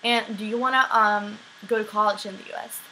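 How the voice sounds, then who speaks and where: A Swedish teenager vlogging as an exchange student answers viewer questions casually, with a light accent and many "um"s and "like"s. She speaks a little fast in a medium-pitched, steady voice that's bright and forceful. The rough recording carries a little hiss or hum.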